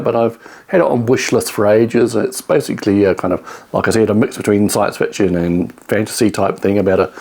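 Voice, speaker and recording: A man's voice: lowish voice, darkish tone. A man casually talking through books he bought, rambling with many ums and restarts. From New Zealand. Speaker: book reviewer. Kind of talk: casual book haul talk.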